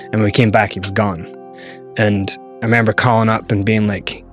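A man's voice: on the low side, flat delivery, moderate pace, a bit bright, faint music behind. A Scottish man, an interview guest, telling a story candidly and acting out other people's lines.

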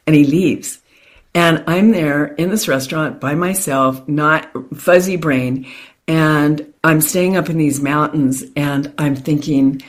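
A woman guest in an interview, telling a personal story in animated, quick bursts with many restarts. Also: low voice.

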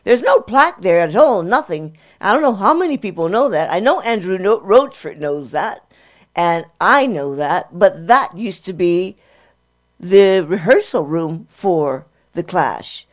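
An older woman, hosting a music show and telling rambling anecdotes in an excitable, chatty way. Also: on the low side, measured pace. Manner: excitable and chatty, with many restarts and fillers.

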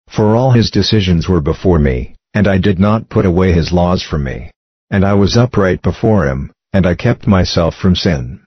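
Man, scripture reading, very low voice, dry sound. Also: dry recording. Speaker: scripture reader. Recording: dull lo-fi recording.

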